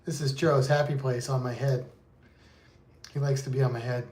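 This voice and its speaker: A man's voice: medium pitch, little pitch movement, fairly quick, darkish tone, roomy sound. A man co-hosting a casual livestream chat at home, playful and coaxing his pet along. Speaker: co-host.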